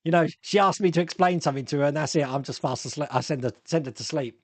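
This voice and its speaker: A man's voice: fairly high pitch, fast, no echo. A middle-aged man hosting a casual live stream, chatting, laughing often, and reading viewer comments aloud. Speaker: host.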